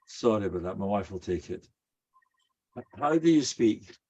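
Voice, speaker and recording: An older man, a rabbi giving a storytelling sermon in an animated way. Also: lowish voice, normal speed, slightly rough, lo-fi sound. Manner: animated, acts out quoted voices.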